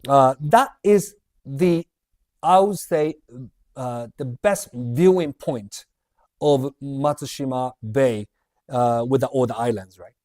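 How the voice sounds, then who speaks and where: Speaking slowly in a medium-pitched, somewhat dark voice, a man answers viewer questions on a casual livestream. He's talkative and meandering, reading each question aloud and laughing.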